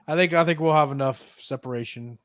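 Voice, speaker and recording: A man's voice: mid-range voice, brisk, slight background noise. A man co-hosting a casual wrestling podcast, teasing and jokey. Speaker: podcast co-host.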